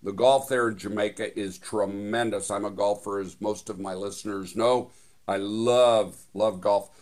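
A man's voice: on the low side, steady tone, a little slow, darkish tone. A man hosting a radio show, talking enthusiastically in a chatty way with many fillers and restarts. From United States. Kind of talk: casual radio chat.

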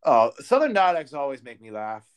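Animated podcast co-host, lively voice. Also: male voice, medium pitch, brisk, clean tone. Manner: animated, stammering restarts when worked up. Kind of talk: casual political chat.

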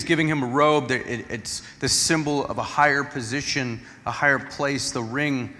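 A man's voice: mid-range voice, bright, forceful tone, long reverb tail, a little hiss or hum. A male pastor preaching an expository sermon in a church sanctuary, explaining each passage and acting out the quotes.

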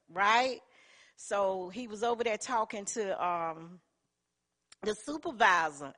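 A woman's voice: medium pitch, a bit bright. A middle-aged woman giving an earnest personal testimony in church, telling her story in plain colloquial speech.

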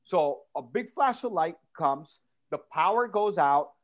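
Man, comedy podcast host, storytelling, animated, slightly high voice. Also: measured pace. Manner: animated, acts out voices in anecdotes.

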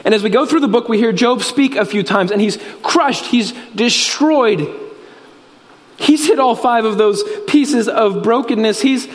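A man preaching a sermon, telling a story earnestly and dropping his voice low and soft at solemn moments. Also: normal speed, hardly any pauses. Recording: reverberant hall.

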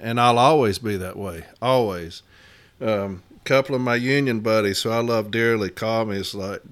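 A man's voice: mid-range voice, fairly bright tone, smooth. Middle-aged male podcast host, folksy, laughs a lot, passionate. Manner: folksy, laughs often, rambling and heated. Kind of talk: casual podcast monologue.

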